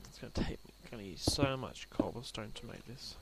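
A young man with an Australian accent talks through his gameplay in a loose, rambling way. His voice is gravelly, and his pitch swings up and down a lot. The home mic also catches plenty of background noise. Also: big pitch swings, moderate pace. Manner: rambling, chatty, talks to the pets in the game. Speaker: gaming channel host. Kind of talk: let's play commentary. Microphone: desk mic that picks up the room. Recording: noisy home recording.

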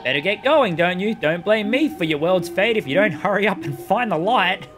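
A man's voice: high-pitched, lively intonation, moderate pace, voice pushed up. A man doing Midna, a smug teasing imp. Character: mischievous female imp sidekick, teasing. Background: game music.

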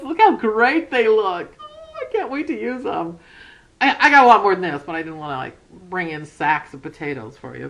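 A woman's voice: lowish voice, a bit bright, low-quality recording. A middle-aged woman chatting in a home vlog, gushing and rambling, often restarting her sentences and laughing. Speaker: cross-stitch vlogger.

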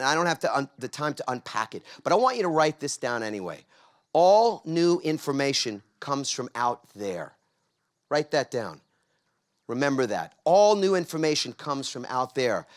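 A middle-aged man from New York delivers a motivational talk to a live crowd. His voice sits a little high for a man and swings widely in pitch. He keeps coaxing the audience to answer him. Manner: animated, coaxes the audience to answer back. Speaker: speaker.

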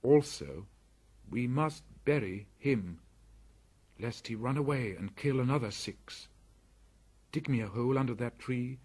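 A man voicing Mowgli, a proud, fierce boy raised in the jungle, speaking in a lively, commanding way. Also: mid-range voice, a little slow, long pauses, husky, pitched above the performer's own voice. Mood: earnest.

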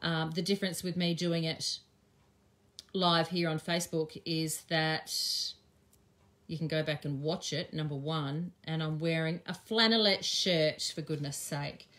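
A woman's voice: low voice, fairly even intonation, unhurried, a bit bright. An Australian woman chatting and thinking aloud with frequent ums as she teaches a live craft demonstration. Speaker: craft teacher and shop owner.

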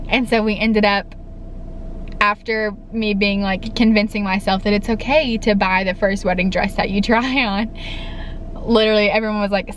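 A young woman, chatting excitedly in a casual vlog, says "like" a lot. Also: mid-range voice, brisk, slight background noise, poor audio. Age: young adult. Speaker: vlogger. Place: in and around a car, partly outdoors in wind.

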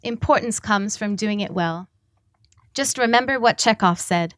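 A woman reading the lines of a frail elderly male writer, gentle and teasing. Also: mid-range voice, unhurried, no room sound, studio quality, lightly acted. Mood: tender.

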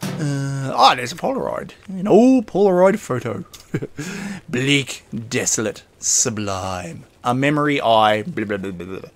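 A man with a slightly high, gravelly voice talks his way through a survival game. He rambles, mutters to himself and chuckles as he goes, in the easy style of a let's-play host. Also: sing-song, measured pace, dry recording. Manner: rambling, self-talking, chuckles often. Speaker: gaming host. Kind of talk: casual let's-play commentary.

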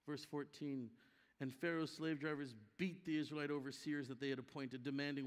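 A guest preacher delivers an emphatic conference sermon in a church hall, voicing the characters in his story himself. His voice is a little high, with fairly even intonation and a brisk pace. The live hall adds long reverb.

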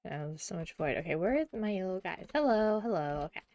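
A young adult woman streaming a video game, chatting casually and giggling, often murmuring quietly to herself. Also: lowish voice, animated, quick pace, creaky, no room sound. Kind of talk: casual gameplay chat.

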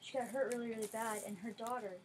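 A woman unboxing gifts in a casual vlog, gushing over each one and dropping to a softer tone when she explains. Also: on the high side, fairly even intonation, fast talker, a little hiss or hum, poor audio. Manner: gushing, effusive. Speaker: vlogger.

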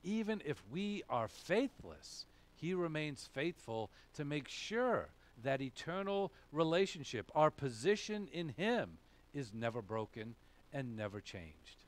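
Man, pastor, sermon, emphatic, asks and answers own questions, fairly high voice. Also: sing-song, a little slow.

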